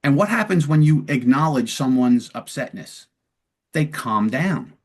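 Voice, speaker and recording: A man's voice: medium pitch, lively intonation, unhurried, darkish tone. Conversational male interview host. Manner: conversational, acts out dialogue examples. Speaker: podcast host and police lieutenant. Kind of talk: long-form interview, explaining de-escalation.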